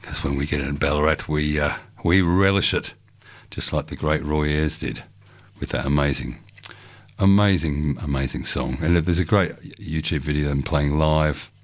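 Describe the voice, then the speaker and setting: Australian male radio host, very low voice, dry studio sound, loose rambling delivery. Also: moderate pace, no room sound. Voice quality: rambling, with frequent ums and uhs. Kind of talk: live radio talk.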